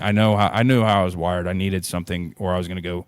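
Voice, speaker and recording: Earnest, rambling man with a lowish voice. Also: steady tone, quick pace, clean tone. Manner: earnest, rambling, many restarts and "you know". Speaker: guest. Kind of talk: personal storytelling in an interview.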